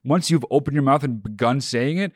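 A man's voice: medium pitch, a little fast, dry recording, studio quality. A man co-hosting a casual podcast, giving earnest advice and teasing his co-host.

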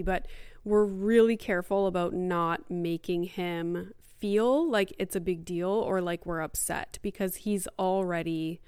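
Chatty woman with a crisp, dry voice. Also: on the low side, steady tone, normal speed, dry recording. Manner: chatty, heavy use of "like" and "um". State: mildly out of breath. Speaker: podcast host. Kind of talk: casual solo podcast talk.

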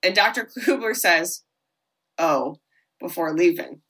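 A woman's voice: mid-range voice, brisk, rough recording. A woman co-hosting a podcast, casually retelling a horror film's plot and briefly acting out the characters' lines. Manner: animated, acts out characters' lines, swears casually. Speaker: podcast co-host recapping a horror film. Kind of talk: casual chat, storytelling recap.

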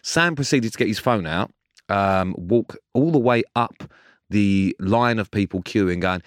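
A man's voice: fairly low pitch, measured pace, no echo. A young man, co-hosting a podcast and telling a story in a dry, sweary way. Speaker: podcast co-host. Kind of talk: casual chat, storytelling.

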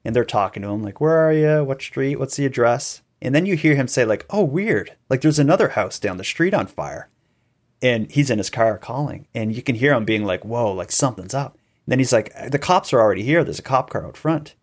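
A man, a podcast guest in an interview, telling events at length and acting out quoted voices. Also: a little fast. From Canada. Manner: animated storytelling, acting out quoted calls with rising pitch. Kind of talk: conversational interview.

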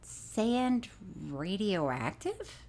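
A woman co-hosting a podcast, telling stories in a casual, animated way and laughing often. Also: mid-range voice, very slow. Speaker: podcast co-host.

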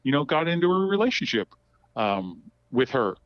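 A man's voice: mid-range voice, very animated, normal speed, no echo. A middle-aged man telling long personal stories as a podcast guest, rambling with many restarts. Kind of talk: casual storytelling. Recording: dull, dry, lo-fi sound.

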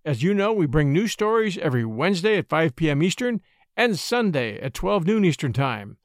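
A man's voice: on the high side, big pitch swings, moderate pace, no room sound, clean studio sound. A man narrating a classic short story aloud and hosting a story podcast, reading dramatically. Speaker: audiobook narrator and podcast host.

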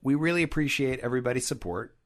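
A man's voice: mid-range voice, fast. A man co-hosting a podcast in casual chat, enthusiastic and rambling with frequent restarts. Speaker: podcast co-host.

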